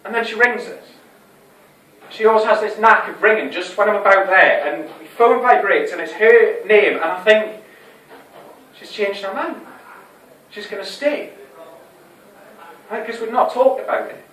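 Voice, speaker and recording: In a small fringe theatre, an actor performs a wistful stage monologue as an anxious, lovesick young man who rambles, hesitates and keeps restarting. His voice is high and fairly bright, unhurried, with long pauses, picked up by a distant mic in an echoey room with faint hiss.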